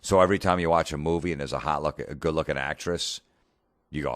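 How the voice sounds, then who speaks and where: A middle-aged comedian from New Jersey, ranting sarcastically and swearing constantly as a podcast host. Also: male voice, extremely low pitch, fast, a bit bright, no room sound, studio quality. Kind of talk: profane comedic rant.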